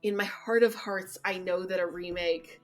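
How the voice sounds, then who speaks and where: A woman co-hosting a podcast in casual gaming chat, animated, laughing often and checking in with "right?". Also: lowish voice, normal speed, soft background music. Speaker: podcast co-host.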